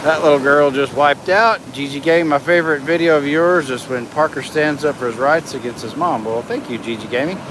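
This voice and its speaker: A man's voice: a little high, brisk, few pauses. A middle-aged man on a casual live stream. He reads out viewer comments and narrates what he sees from a beach inlet, filming on a phone. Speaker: livestream host. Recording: outdoor noise in the background.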